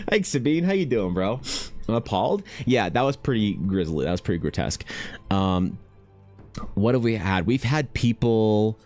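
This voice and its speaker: A man's voice: fairly low pitch, measured pace, long pauses, faint music behind. A man chatting casually to his stream viewers, rambling and swearing as he tells convention stories. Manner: rambling, profane, animated storytelling. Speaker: streamer and dice maker talking to chat. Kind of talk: casual livestream chat.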